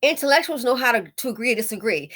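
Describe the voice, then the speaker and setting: A woman's voice: a little high, lively intonation, fast, a bit bright. Indignant woman calling people honey. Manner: indignant, emphatic, repeats phrases; calls the listener honey. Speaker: commentator. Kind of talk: casual video commentary.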